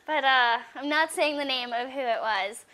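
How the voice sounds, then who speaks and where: A woman with a high, bright voice tells stories in a casual interview. She is an actress and a guest, and she acts out the people in her stories with lively quoted voices. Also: normal speed.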